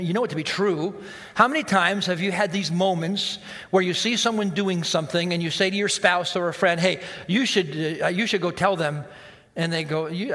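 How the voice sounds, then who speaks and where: A man's voice: sits high, pushed and bright. A man preaching a conversational sermon, acting out the inner voices of his listeners. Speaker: pastor. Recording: long hall reverb.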